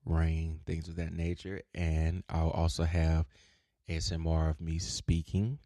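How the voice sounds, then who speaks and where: A man hosting his own podcast, rambling in a casual monologue, cursing freely and breaking into sudden shouts. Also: low voice, slow pace, no echo, clean studio sound. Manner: profane, loud swings and sudden shouts. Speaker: podcast host.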